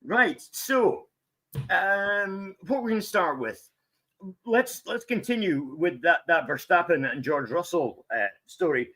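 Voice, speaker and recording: A man's voice: high voice, animated, takes it slowly, pushed and bright. A man guest-hosting a casual motorsport commentary chat, rambling and jokey with many fillers. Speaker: guest host.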